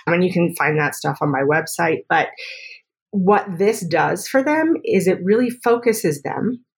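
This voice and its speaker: A woman speech therapist talking through her methods in a podcast interview, chatty and full of quick examples. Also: fairly low pitch, expressive, creaky, breathy edge.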